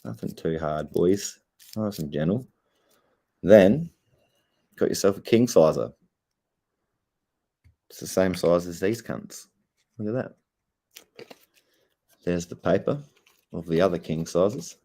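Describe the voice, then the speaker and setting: A man's voice: low voice, animated, slow pace, pauses often, mellow. A young Australian man, stoned and laid-back, rambling and swearing heavily in a casual livestream chat. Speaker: streamer.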